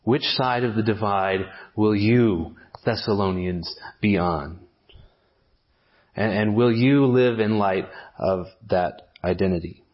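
A low-voiced man delivers a sermon, working through a text in a measured, explanatory way. He pauses on fillers and restarts his phrases as he thinks. The recording is dull and lo-fi. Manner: measured expository preaching with frequent fillers and restarts. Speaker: pastor.

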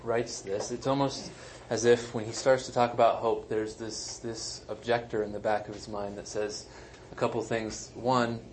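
A man's voice: medium pitch, level tone, normal speed, hardly any pauses, a little mellow, slight background noise, low-quality recording. A man, a pastor, preaching a sermon in a conversational, emphatic way with self-deprecating asides. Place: church sanctuary.

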